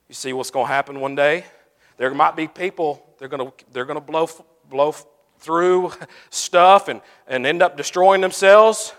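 A man preaching a sermon and closing in prayer, telling stories animatedly, swinging from loud to hushed. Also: fairly high pitch, moderate pace. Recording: long hall reverb.

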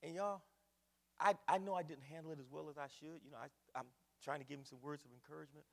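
A man preaching, his gravelly voice sitting a little high. He moves from quiet storytelling to ringing declarations and calls the congregation y'all. A long reverb hangs on every word. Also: steady tone, fast talker. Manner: swings from hushed storytelling to loud preaching; folksy, addresses the congregation as y'all. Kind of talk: sermon.

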